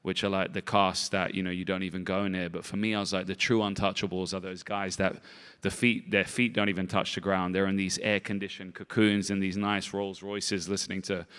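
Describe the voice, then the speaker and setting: Low flat guy rambling through interview answers, bright clear voice, long hall reverb. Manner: halting, repeats words, constant "you know" fillers. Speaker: film director and actor, interview guest. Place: festival stage in a large hall.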